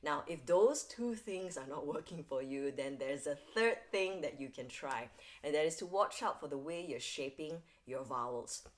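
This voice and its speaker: A woman's voice: deep voice, expressive, normal speed. A woman singing teacher explaining vocal technique step by step, often checking in with "all right?". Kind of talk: instructional video lesson.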